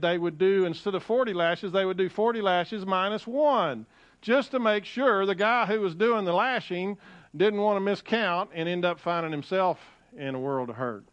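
A man preaching as a pastor in a church, talking in a folksy, conversational way with frequent restarts, and reading scripture with rising emphasis. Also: a bit bright. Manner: rises in pitch and volume when reading scripture aloud. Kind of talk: sermon. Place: church sanctuary. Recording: dull, lo-fi sound.

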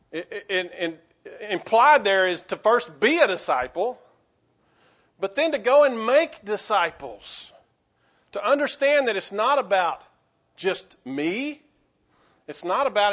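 A pastor preaches a sermon earnestly, stammering into frequent restarts. He rises to urgency, then drops to quiet, halting lows. The highs are cut off.

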